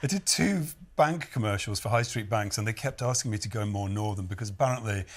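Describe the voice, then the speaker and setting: A man's voice: fairly low pitch, a little fast. A man, a studio guest, telling an amused anecdote in casual chat.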